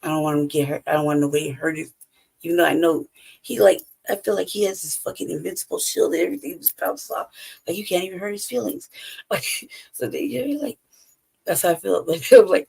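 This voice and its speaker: A woman in casual chat, animated, laughing often and swearing freely. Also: on the low side, moderate pace, vocal fry, pauses often, slightly rough.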